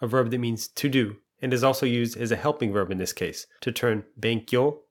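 In a calm, evenly paced language lesson, a man sets out each point clearly. His pitch is an ordinary middle, and he stops to pose quiz questions, then patiently works through the answers step by step.

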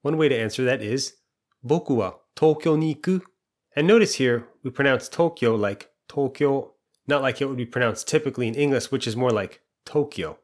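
His middle-pitched voice stays calm and steady as he teaches a language lesson, setting out every point clearly. Quiz questions come at intervals, each followed by a patient, step-by-step look at the answers.

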